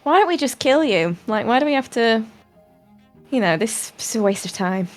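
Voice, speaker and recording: A woman's voice: on the high side, animated, normal speed, faint music behind. Blunt, dry woman player. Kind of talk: tabletop role-play.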